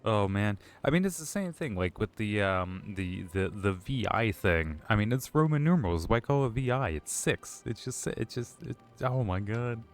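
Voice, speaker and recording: A man's voice: on the low side, lively intonation, normal speed, few pauses, faint music behind. A man giving casual, joking live-stream commentary while playing a game, rambling with restarts, drinking as he talks. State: drinking alcohol.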